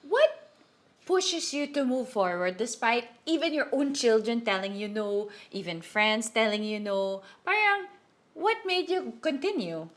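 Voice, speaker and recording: A woman's voice: fairly high pitch, lively intonation, measured pace. A woman hosting a podcast, asking eager, encouraging questions. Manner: eager, encouraging questioner mixing English and Tagalog. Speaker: podcast host. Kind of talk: casual interview chat.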